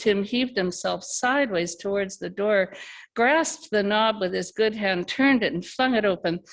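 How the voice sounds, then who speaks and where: A woman reading her own fiction aloud at an open mic, steady and measured. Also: medium pitch, creaky. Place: live reading event, remote by video call.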